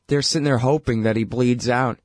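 A man's voice: mid-range voice, steady tone, fairly quick, dry recording, clean studio sound. A male radio host giving blunt, heated political commentary in a conversational way, with frequent fillers.

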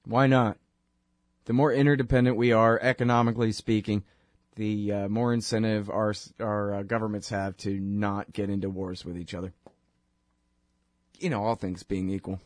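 A man's voice: on the low side, level tone, moderate pace, a little mellow, no room sound. A man hosting a political talk show, rambling sarcastically through the news with lots of fillers. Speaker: radio show host. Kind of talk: casual political talk monologue.

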